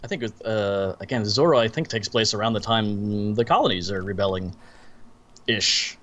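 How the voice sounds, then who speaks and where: A man co-hosting a casual movie review podcast, recounting scenes in an animated, storytelling way. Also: lowish voice, moderate pace, dull audio. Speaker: podcast co-host.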